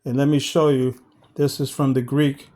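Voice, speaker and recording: A man teaches Bible study in a warm, mid-range voice with a level tone. Calling his listeners family, he reads scripture slowly and deliberately and asks them rhetorical questions.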